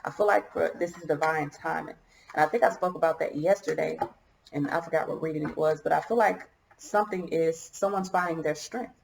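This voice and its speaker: A woman talks through a tarot spread for her viewers in a low, gravelly voice that catches now and then as she feels choked up. She muses out loud, trailing off and starting her sentences over. The room is echoey, with a faint hiss underneath. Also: a little fast. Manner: musing, hesitant, thinks aloud with many restarts. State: choked up, coughing. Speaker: tarot reader. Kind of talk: casual tarot reading to viewers.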